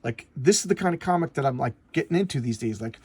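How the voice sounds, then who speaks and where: A middle-aged man casually reviewing an old comic book, rambling and animated, acting out bits of dialogue as he goes. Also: medium pitch, fast, slightly rough, dry recording.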